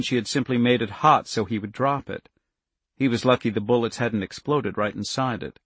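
A man narrating an audiobook in a steady, measured way on a close mic. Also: mid-range voice, gravelly, slightly rough, no echo.

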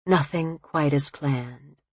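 A woman reading literary fiction aloud in a calm, unhurried narration on a close studio mic. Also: low voice, slightly rough, dry recording. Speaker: audiobook narrator.

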